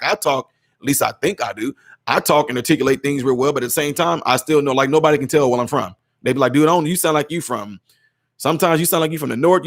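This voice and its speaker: Guy reading out viewer comments and reacting, kinda high voice, emphatic, repeats himself to make a point. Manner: emphatic, conversational, repeats words when stressing a point.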